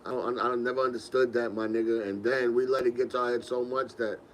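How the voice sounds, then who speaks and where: A man's voice: mid-range voice, steady tone, quick pace, a little hiss or hum, poor audio. A young man, hosting a podcast and telling rambling, laid-back stories with laughs. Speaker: podcast host. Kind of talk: casual storytelling.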